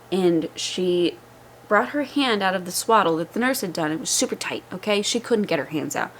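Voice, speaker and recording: A woman's voice: medium pitch, slight background noise. A young woman vlogging casually at home, candid and chatty with frequent laughter, sounding exhausted. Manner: chatty and candid, laughs often, rising excitement. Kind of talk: casual chat. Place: at home, indoors. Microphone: vlogging microphone.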